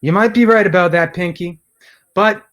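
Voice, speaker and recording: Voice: medium pitch, normal speed, a bit bright. An improv performer playing a news anchor, talking in exaggerated, scolding anchor patter. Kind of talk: improv comedy.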